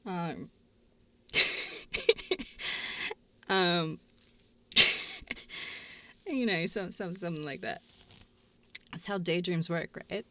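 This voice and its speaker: A woman's voice: lowish voice, unhurried, background noise. A woman hosting a livestream, chatting casually in a rambling, sweary way with frequent giggles. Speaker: stream host.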